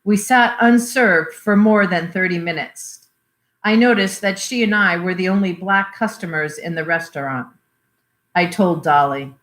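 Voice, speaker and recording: A woman reading a memoir aloud in a measured storytelling way. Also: lowish voice, fairly bright tone. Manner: measured storytelling with voiced quotes. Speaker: reader. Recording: roomy echoey recording.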